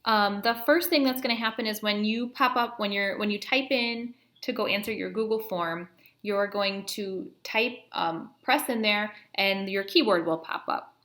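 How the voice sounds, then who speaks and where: A woman's voice: mid-range voice, moderate pace, few pauses, a bit bright. A woman teacher patiently walking students through a math lesson, counting aloud step by step. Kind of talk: classroom math lesson video. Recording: echoey room.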